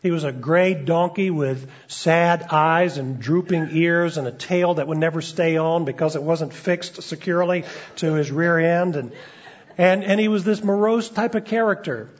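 A man preaching a sermon as a pastor, conversational, with frequent fillers and restarts. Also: fairly high pitch. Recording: dull lo-fi recording.

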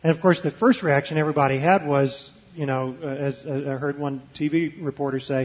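A man's voice: on the high side, fairly even intonation, brisk, hardly any pauses, highs cut off. A man who is a Baptist preacher, talking in an interview with many fillers and restarts. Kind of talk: conversational interview, reading a passage aloud.

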